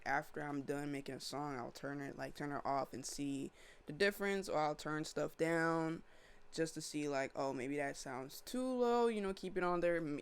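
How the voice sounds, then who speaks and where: A man's voice: fairly high pitch, a bit bright, clear, resonant tone. A man casually walking through his own song, talking in a loose, slangy way with lots of fillers and restarts. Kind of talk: casual walkthrough of a music session.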